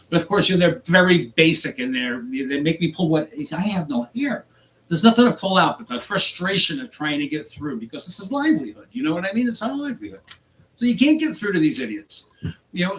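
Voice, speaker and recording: An angry man from the United States ranting in a vlog about his work as a rideshare driver, exasperated and jumping in pitch. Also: a little hiss or hum, poor audio. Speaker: rideshare driver and channel host.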